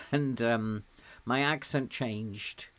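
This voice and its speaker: A middle-aged man with a faint Welsh lilt talks unhurriedly, in an easy, chatty way. He laughs a lot between his words, and his voice sits at an ordinary pitch. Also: a bit bright. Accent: softened Welsh, with some American words. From Wales. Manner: slow, chatty, laughs often while talking. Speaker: game streamer. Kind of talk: casual live-stream commentary.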